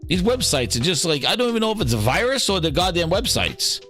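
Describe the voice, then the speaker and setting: A man hosting a gaming show, talking in casual, opinionated commentary. He swears freely, mocks other people in put-on voices and gets excited as he reads. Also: high-pitched, a little fast, soft background music. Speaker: gaming podcast host.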